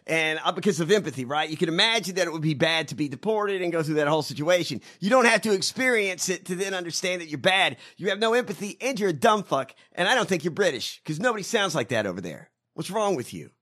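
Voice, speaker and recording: A man's voice: high-pitched, animated, quick pace, few pauses, sharp tone. A man co-hosting a comedic podcast, reacting with profane, mocking outbursts. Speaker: podcast co-host. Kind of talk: casual comedic chat.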